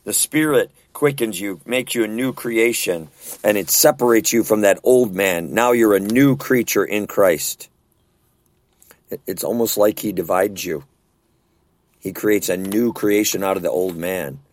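A man's voice: on the low side, a little slow, dry recording. A man leading a casual Bible study discussion, talking earnestly and conversationally and often checking in with rhetorical questions.

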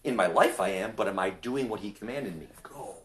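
A man preaching in conversation, insistent, often asking "ready?" and acting out quoted voices with big jumps in pitch. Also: animated, fairly quick. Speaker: street preacher.

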